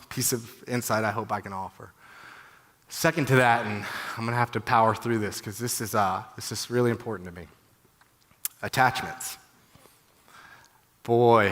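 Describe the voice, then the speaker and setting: A man's voice: lowish voice, fairly bright tone. Candid man speaking in a reverberant hall. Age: 30s. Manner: candid, heartfelt, conversational with many "you know"s. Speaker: conference speaker. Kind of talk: personal testimony talk. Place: conference hall. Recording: long reverb of a large hall.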